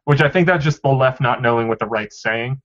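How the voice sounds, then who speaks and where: A man's voice: mid-range voice, a little fast, a bit bright. A man co-hosting a casual gaming chat, ranting and acting out mock quotes. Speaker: podcast co-host. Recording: dull lo-fi audio.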